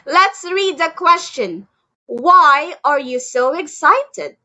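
A woman's voice: high-pitched, lively intonation, slow, pushed and bright, highs cut off. A woman teaching a one-on-one English lesson over a video call, drilling words for the student to repeat and praising each answer. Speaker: online English tutor. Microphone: headset or computer mic on a video call.

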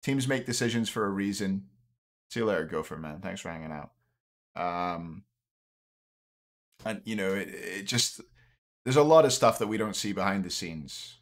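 Late at night on his stream, a young streamer and caster talks casually, a little drunk, rambling, letting thoughts trail away and often restarting. He speaks in a low voice at a moderate pace, with lively intonation and frequent pauses.

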